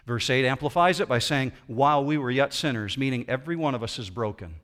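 A man preaches a sermon as pastor in a church auditorium, swinging between loud emphasis and quiet intensity. His voice is mid-range and fast.

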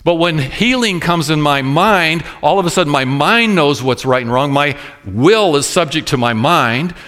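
A man delivers a sermon from the pulpit. His voice sits a little high for a man. He repeats key phrases and slows right down to stress them. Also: expressive, fairly bright tone. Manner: preaching with sudden slowed emphasis and repeated phrases. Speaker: pastor. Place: church room with congregation.

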